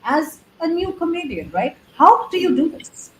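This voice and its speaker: A woman's voice: extremely high pitch, sing-song, moderate pace, echoey room, slight background noise, rough recording. A woman hosting a talk show interview, chatty, effusive and playful as she introduces and questions her guest. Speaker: host.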